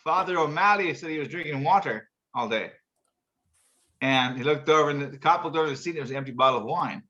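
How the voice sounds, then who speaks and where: A bright, forceful male voice hosts a relaxed chat show, wandering through jokes he reads off a screen with plenty of chuckles and restarts. The sound is a little muffled, as if it comes through a video call. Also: fairly high pitch, quick pace. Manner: chuckling, rambling joke-teller. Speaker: show host. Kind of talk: casual chat, reading jokes.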